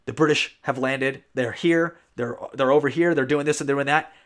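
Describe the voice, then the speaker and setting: A man's voice: mid-range voice, normal speed, a bit bright, lightly acted. A man quoting a twelve-year-old boy who delivers an urgent warning, speaking hurriedly within a history story.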